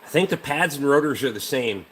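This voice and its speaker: A man's voice: mid-range voice, expressive, fairly quick, fairly bright tone, a little hiss or hum. A man hosting a casual livestream, a mechanic rambling about truck parts and swearing freely while answering chat.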